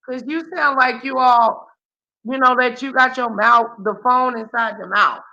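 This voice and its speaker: A woman's voice: a little high, steady tone, a little slow, bright, forceful tone, dull audio. A woman hosting a casual live-stream chat, exclaiming often and teasing her callers. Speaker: host.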